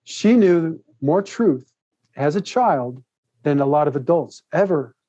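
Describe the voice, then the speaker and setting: A man tells a long personal story as a podcast guest, rambling and animated, often laughing between thoughts. His voice sits a little higher than most men's but sounds mellow and warm. The recording is dry and slightly muffled. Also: takes it slowly, no echo. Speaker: podcast guest, author and speaker. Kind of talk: casual interview storytelling.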